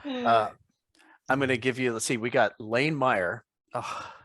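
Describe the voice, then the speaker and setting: A man's voice: mid-range voice, big pitch swings, measured pace, fairly bright tone, no room sound. A man hosting a casual interview podcast, upbeat as he reads out listener questions. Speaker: podcast host.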